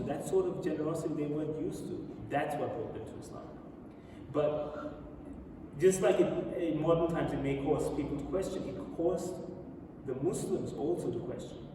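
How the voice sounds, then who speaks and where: A man delivers a storytelling lecture in a mosque prayer hall, retelling the story with animated emphasis. His voice sits fairly high for a man and booms through a long, roomy reverb. He is heard from a distance, with steady background noise beneath him. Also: normal speed. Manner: animated retelling, reading quoted speeches aloud. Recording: very echoey hall, speaker far from mic, audible noise.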